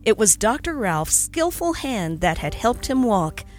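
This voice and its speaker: A woman narrating a classic holiday story in an expressive, storytelling reading. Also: fairly high pitch, a little slow, soft background music.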